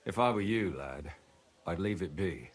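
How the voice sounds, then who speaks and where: Speaking at a moderate pace in a low, expressive register, a male actor voices a video game character: a tired, resentful ex-scribe who describes himself as a madman.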